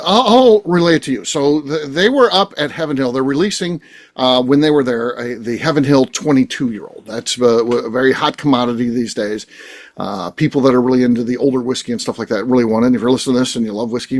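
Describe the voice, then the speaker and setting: A man's voice: medium pitch, a little fast. A man hosting a casual chat show, telling a story in a rambling way with many fillers and restarts over a video call. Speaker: podcast host.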